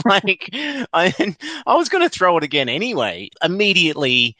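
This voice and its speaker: A man's voice: high voice, normal speed. A man co-hosting a podcast, chatting casually and laughing as he acts out bits of dialogue. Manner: laughing, animated, acts out lines. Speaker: podcast co-host. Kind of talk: casual chat.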